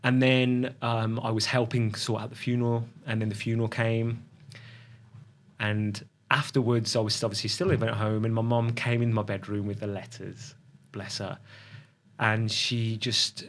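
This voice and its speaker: A middle-aged man telling a personal story as a podcast guest, reflective and halting, often restarting his sentences. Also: on the low side, little pitch movement.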